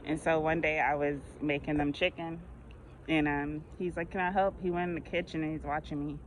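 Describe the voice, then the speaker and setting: A woman's voice: low voice, flat delivery, a little fast, a little hiss or hum, rough recording. Laughing woman walking outdoors. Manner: rambling storyteller, laughs often. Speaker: vlogger. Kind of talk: casual chat.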